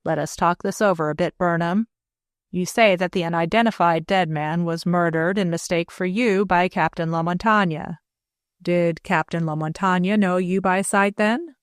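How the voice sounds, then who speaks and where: A woman reading aloud, voicing a calm gentleman who reasons slowly and deliberately. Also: on the low side, clear, resonant tone, dry recording, studio quality, natural voice. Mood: measured. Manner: deliberate, measured.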